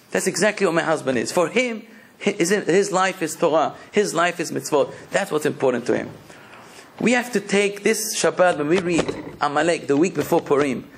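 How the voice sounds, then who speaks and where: A man's voice: sits high, a little hiss or hum. A man, a rabbi, giving a sermon in a passionate, emphatic preaching manner.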